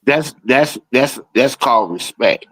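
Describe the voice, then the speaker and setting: A man in a casual podcast chat, talking while he eats, animated and full of swearing. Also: medium pitch, unhurried, poor audio. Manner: profane, animated, talks while eating. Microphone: streaming call.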